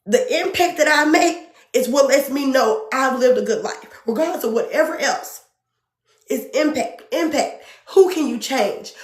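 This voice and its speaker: A woman's voice: high voice, roomy sound. A woman speaking as a podcast guest in an earnest, emotional way, often repeating phrases for emphasis. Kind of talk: passionate spiritual conversation.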